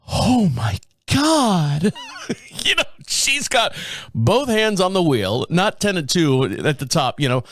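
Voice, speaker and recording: Brief: man around 50, podcast host, crude storyteller, somewhat high voice, lively delivery, dry sound. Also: dry recording. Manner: profane, animated, self-mocking anecdote telling. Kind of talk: casual storytelling.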